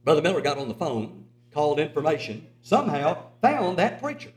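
Older male preacher, lively, higher-pitched, earnest storytelling, echoey church auditorium. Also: a little fast, few pauses. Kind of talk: sermon with storytelling.

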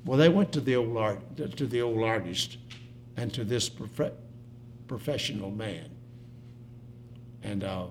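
A man preaching a sermon, telling a story and swinging from loud bursts to hushed, slow lines. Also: fairly low pitch, a little hiss or hum.

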